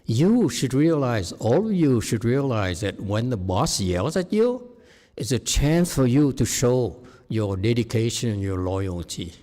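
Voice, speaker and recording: Animated man giving a dharma talk. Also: measured pace. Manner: animated, swings from low murmur to loud exclaiming, laughs. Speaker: meditation teacher. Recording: long hall reverb.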